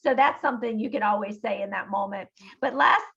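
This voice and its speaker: A woman's voice: mid-range voice, a little fast, gravelly, fairly bright tone, dull audio. A woman giving practical, encouraging coaching to her team as she closes a business call. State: froggy voice earlier today. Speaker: team leader closing a call.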